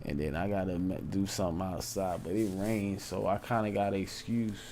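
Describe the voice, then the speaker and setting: A young man talks on a late-night live stream, rambling and circling back over the same points. His voice is low, dark and gravelly, and he speaks slowly. A faint hiss sits behind him. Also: steady tone. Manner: rambling, repetitive, informal speech.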